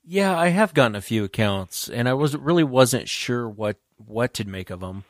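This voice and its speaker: A man hosting a podcast, chatting casually and retelling a listener's account with lively energy. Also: mid-range voice, moderate pace, dry recording, clean studio sound. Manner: animated retelling of a caller's story. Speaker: podcast host. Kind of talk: casual interview chat.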